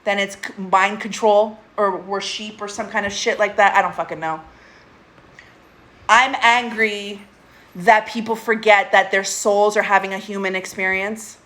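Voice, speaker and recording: An aging adult woman hosts an easygoing live stream at home with her pet, talking in an unhurried, mid-range voice with fairly even intonation and a fairly bright tone. She's candid, swears often, and laughs between thoughts.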